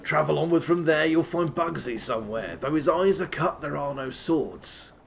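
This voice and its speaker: A man's voice: a little high, expressive, normal speed, creaky, a bit bright, slight background noise. A man giving a comic, theatrical reading of rhyming verse in a put-on rustic old-timey accent that keeps slipping, with sweary asides. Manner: breaks off into sweary, laughing asides. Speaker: reader of a game walkthrough.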